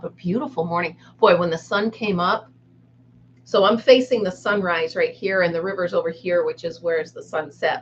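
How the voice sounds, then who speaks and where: A woman's voice: on the low side, dull audio, a little hiss or hum. A woman hosting a casual live chat with viewers from a room at home, giggly and self-mocking as she talks. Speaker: live-stream host.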